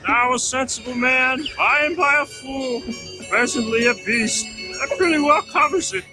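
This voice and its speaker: An actor playing a gloomy middle-aged cartoon barfly who makes a slow, mournful confession. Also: male voice, very high voice, music in the background.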